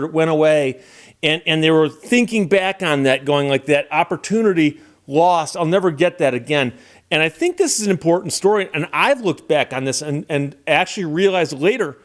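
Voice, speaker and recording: A man hosting his channel, telling a personal story in a casual, conversational way and acting out the voices he quotes. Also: fairly high pitch. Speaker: channel host.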